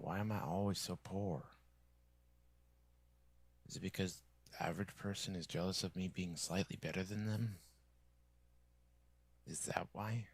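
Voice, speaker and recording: A male streamer rants in a rambling, resentful monologue, his voice low and gravelly. He often slips into a husky whisper, close to the mic in a dry room. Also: no room sound. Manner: bitter, complaining, often drops to a whisper.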